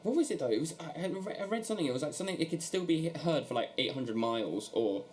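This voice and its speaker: A man's voice: on the high side, animated, quick pace, darkish tone, a little hiss or hum. A man co-hosting a podcast in casual chat, rambling with lots of fillers and giving blunt opinions. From not American. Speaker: podcast co-host.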